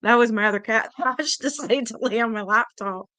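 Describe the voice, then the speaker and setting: A woman's voice: moderate pace, sharp tone, no echo. Chatty, swearing woman streamer, dry sound. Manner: chatty, swears freely, talks to her chat; coos at her cats in a high baby voice. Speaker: true-crime livestream host. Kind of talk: casual livestream chat.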